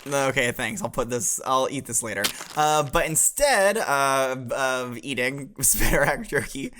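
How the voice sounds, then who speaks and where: Man playing a jokey class professor; bright, forward voice, teasing. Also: medium pitch, slight background noise. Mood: playful. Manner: upbeat, teasing, quick to laugh. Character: cheerful male professor teaching a class. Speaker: host. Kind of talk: improvised comedy role-play.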